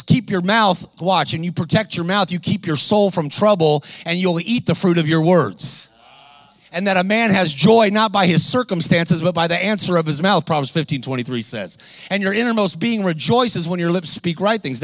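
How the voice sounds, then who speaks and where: A man preaching an energetic sermon, animated and exhorting, calling out to the congregation. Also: sits high, no echo. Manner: animated, exhorting, calls to the crowd.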